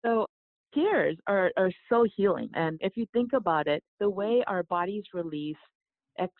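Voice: medium pitch, lively intonation, moderate pace, no room sound. A podcast guest from South Korea and a yoga teacher, telling a personal story in an earnest, reflective way with frequent restarts. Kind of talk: storytelling in conversation. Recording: tinny phone-like line.

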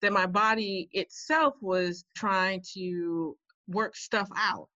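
A woman hosting a podcast, chatting casually in an expressive, affirming way. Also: medium pitch, slow pace, dry recording. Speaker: podcast host. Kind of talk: casual conversation. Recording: dull lo-fi recording.

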